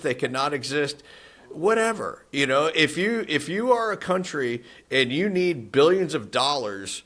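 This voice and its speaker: A man's voice: a little high, fairly bright tone. A man co-hosting a political podcast, talking casually and skeptically with frequent restarts. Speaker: podcast co-host.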